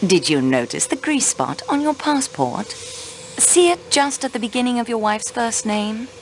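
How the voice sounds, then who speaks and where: An actress playing a young railway clerk turned investigator in a mystery video game, polite but insistent in questioning. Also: female voice, fairly high pitch, big pitch swings, measured pace, a little hiss or hum, low-quality recording. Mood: poised, probing. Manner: poised, probing, politely insistent.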